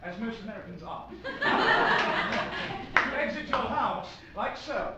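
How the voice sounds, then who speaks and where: A man's voice: very high voice, wildly swooping pitch, takes it slowly, very noisy, full character voice. A man playing a pompous male public speaker on a comedy stage, delivering a grandiose, mock-formal address while switching between foreign accents. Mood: bombastic. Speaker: improv performer. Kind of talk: improvised comic monologue in shifting accents. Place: small comedy club stage. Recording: echoey comedy club, mic from far off, audience.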